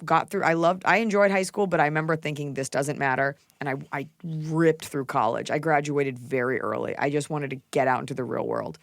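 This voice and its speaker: Brash gravelly-voiced woman host. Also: deep voice, fairly even intonation, fairly quick, few pauses, no echo, studio quality. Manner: blunt, brash, swears freely. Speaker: podcast host. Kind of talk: casual advice chat.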